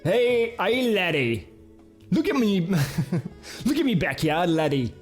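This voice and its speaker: A man voicing a boisterous Scotsman showing off his backyard, in a loud, high put-on brogue. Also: very animated, slow pace, faint music behind, full character voice. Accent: put-on Scottish-Irish brogue.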